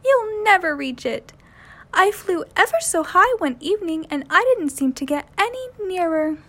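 A woman voicing a chirpy, excitable little female wren bird in a storybook reading. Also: very high-pitched, moderate pace, voice pushed up, full character voice. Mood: excited.

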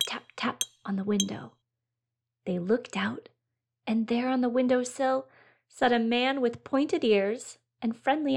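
Gravelly higher-pitched woman reading a story. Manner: gentle, clear storytelling. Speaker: narrator.

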